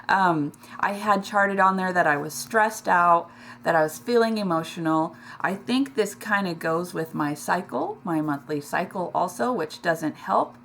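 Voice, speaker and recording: A middle-aged woman talking in a personal vlog, emotional and close to tears, halting with many ums and restarts. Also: on the low side, gravelly, fairly bright tone, a little hiss or hum. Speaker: weight loss vlogger.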